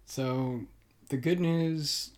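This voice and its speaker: A man co-hosting a casual podcast, talking in a soft, halting, earnest way. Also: a little high, fairly even intonation. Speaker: podcast co-host.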